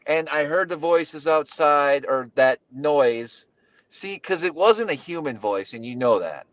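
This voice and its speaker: Male co-host, slightly high pitch, easygoing, restarts his sentences, dull lo-fi dry audio. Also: expressive, a little slow, a bit bright, no room sound. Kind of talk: casual livestream chat.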